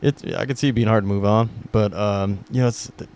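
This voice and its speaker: A deep-voiced male podcast host speaks in a flat, gravelly tone. He muses in a rambling way and keeps tossing in "man". Faint noise sits under the recording. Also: a little fast. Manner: reflective, rambling, says "man" often. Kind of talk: casual podcast conversation.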